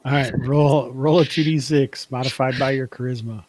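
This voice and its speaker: A man's voice: medium pitch, fairly even intonation, normal speed, a little mellow, no echo, low-quality recording. A man narrating a tabletop game as game master, setting scenes loosely with many fillers.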